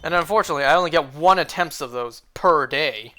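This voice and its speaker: Male streamer, rambling casual chat, bright and somewhat high. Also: fast, soft background music. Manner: rambling, filler-heavy talk with many "like"s. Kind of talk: casual livestream chat while shiny hunting.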